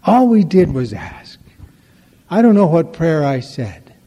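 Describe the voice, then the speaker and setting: A man's voice: a little high, sing-song, measured pace, mellow, big-room sound, a little hiss or hum. A man giving a storytelling talk at a recovery meeting, conversational and wry, acting out the dialogue in his stories.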